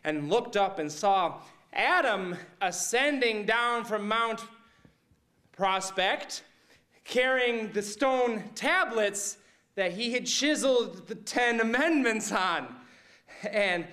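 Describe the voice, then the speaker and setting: A man playing a mixed-up, excitable storyteller who retells Bible stories to kids, rambling and checking in with "right?" and "okay?". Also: high-pitched. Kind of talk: comic Bible story monologue.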